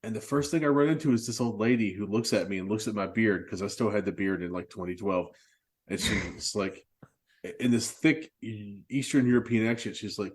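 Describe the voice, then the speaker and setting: A man with a fairly low voice rambles through his stories in loose, casual podcast chat, laughing at his own expense as he goes. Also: a little fast, husky. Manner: rambling anecdotal storyteller, laughs at himself. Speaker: podcast co-host.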